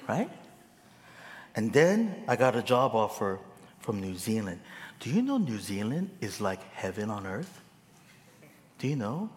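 Male pastor, unhurried and humorous, rising to forceful preaching in a big echoing hall. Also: fairly low pitch, very animated, a little hiss or hum. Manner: storytelling with humor, building to emphatic preaching. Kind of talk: sermon.

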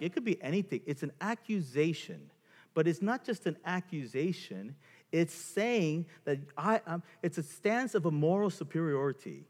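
Man speaker at a couples seminar, emphatic and lively, long echo of a big hall. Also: on the high side. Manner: animated, emphatic, acts out examples. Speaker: marriage speaker.

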